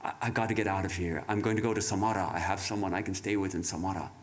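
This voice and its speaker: A man's voice: low-pitched, steady tone, very fast, natural voice. A man voicing a panicked male servant who stammers and pleads in fear. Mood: frightened.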